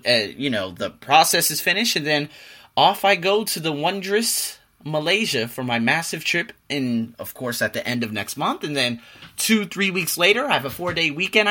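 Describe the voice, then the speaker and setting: A man's voice: a little high, sharp tone. A young adult man hosting a podcast, reading a self-help passage and then talking casually in an emphatic, motivational way. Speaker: podcast host.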